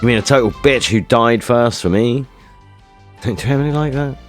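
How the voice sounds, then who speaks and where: This is casual live-stream chat from a male streamer who jokes, swears frequently, and reacts to his chat. His voice is mid-range at a moderate pace, with soft music playing behind him.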